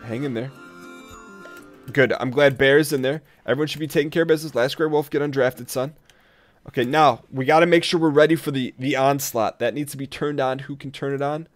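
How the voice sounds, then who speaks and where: A man's voice: mid-range voice, steady tone, a little fast, no room sound, faint music behind. Frantic man narrating a colony game. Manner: jumpy, talks to his colonists, spikes loud when tense. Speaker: let's play gamer.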